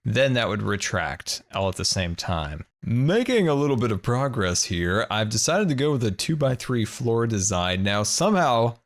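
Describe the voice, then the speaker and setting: A man hosting a casual gameplay video, thinking aloud and squealing high in panic when things go wrong. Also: big pitch swings, normal speed, few pauses. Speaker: Minecraft let's play host.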